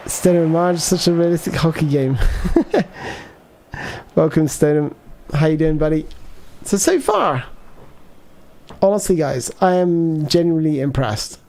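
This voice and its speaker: A man's voice: fairly high pitch, lively intonation, normal speed, a little mellow. Rambling gaming streamer, man. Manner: rambling, thinks aloud, reads out viewer chat. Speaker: gaming livestreamer. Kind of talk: casual live gameplay commentary.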